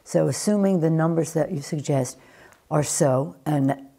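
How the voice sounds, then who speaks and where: An older American woman answering questions in a news interview, deliberate and emphatic, often restarting her sentences. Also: low-pitched, gravelly, dark tone, breathy edge. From United States. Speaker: interviewee, former politician.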